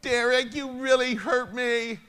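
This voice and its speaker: A man's voice: very high voice, steady tone, a little slow, pushed and bright, smooth, big-room sound, pitched above the performer's own voice, exaggerated voice. A preacher putting on the voice of a whiny, easily offended man who complains that he has been hurt. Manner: whimpering, self-pitying complaint.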